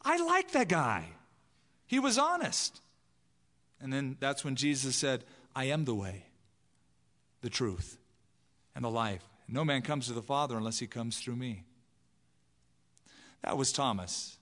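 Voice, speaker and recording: A man's voice: medium pitch, sing-song, a little slow, long pauses, a bit bright, long reverb tail. A man preaching a sermon in a conversational way, acting out the voices he quotes. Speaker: pastor.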